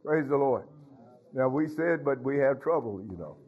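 A man's voice: mid-range voice, animated, moderate pace, muffled recording. A man preaching as a pastor, calling out to his congregation with frequent hallelujahs. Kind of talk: sermon.

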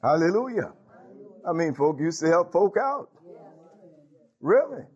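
Male preacher, animated sermon delivery, frequent laughs, dull lo-fi recording. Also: on the high side, a little slow, breathy edge. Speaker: pastor. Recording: dull lo-fi sound.

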